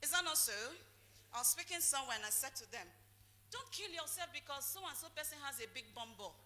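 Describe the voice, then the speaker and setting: In an echoey hall with faint noise, a woman leads a call-and-response motivational talk, throwing out questions for the crowd to complete. She speaks fairly quickly in a high, expressive voice that sounds pushed and bright.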